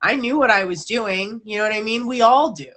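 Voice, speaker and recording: A woman's voice: a little high, brisk, a bit bright, rough recording. A candid woman in her thirties hosting a live-stream talk show, laughing often as she speaks. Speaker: host.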